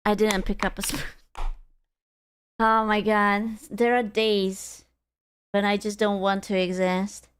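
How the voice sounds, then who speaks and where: A woman's voice: mid-range voice, little pitch movement, takes it slowly, pauses often, clean tone. A woman streamer chatting casually with her viewers, dramatic and self-deprecating, swearing freely.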